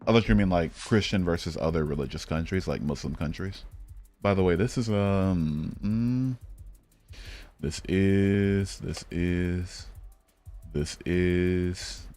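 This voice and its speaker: Taking it slowly, a deep-voiced Michigan man with a darkish tone hosts a live stream as soft music plays. He chats casually over a geography game, blunt and profane, thinking aloud through many fillers.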